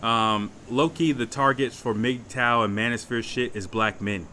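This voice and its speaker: A man's voice: medium pitch, measured pace, pushed and bright, slight background noise. A young man giving blunt, profane casual commentary, often repeating phrases as he picks his words. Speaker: commentator reacting to a livestream.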